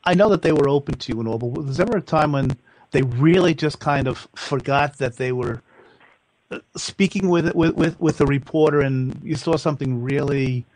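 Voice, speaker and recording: A man's voice: fairly high pitch, moderate pace, darkish tone, no room sound, low-quality recording. A man hosting a radio interview, chatty and effusive with his guest. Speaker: radio show host. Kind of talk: interview chat.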